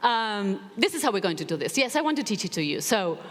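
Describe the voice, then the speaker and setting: A woman motivational speaker giving a stage talk, telling stories with animated, emphatic repetition. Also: mid-range voice, quick pace. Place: large theater stage. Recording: reverberant hall.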